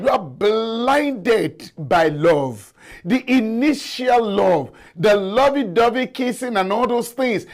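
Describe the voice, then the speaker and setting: A male talk show host with a strikingly high voice speaks slowly and deliberately. He lectures with passion and keeps repeating words to drive his point home. It is a live call-in show monologue. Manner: impassioned and lecturing.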